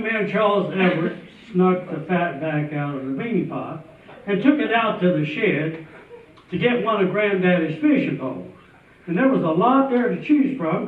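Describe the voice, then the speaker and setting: A man telling a tall tale on a festival stage in a folksy, chuckling way. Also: high voice. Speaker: storyteller. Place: festival stage before an audience. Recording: tinny, distant, echoey hall sound.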